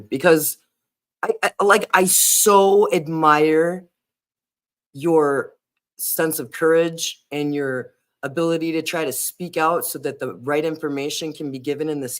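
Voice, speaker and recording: A hesitant, earnest man talks through a casual livestream as its host. His voice sits a little high for a man, and he keeps stopping to say um and start his sentences again. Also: measured pace. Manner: hesitant, earnest, many fillers and restarts.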